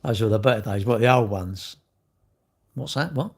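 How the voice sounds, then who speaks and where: A man's voice: on the low side, normal speed, breathy edge. A middle-aged man, chatting casually on a livestream in a rambling, blunt way with lots of slang. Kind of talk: casual livestream chat reading viewer comments.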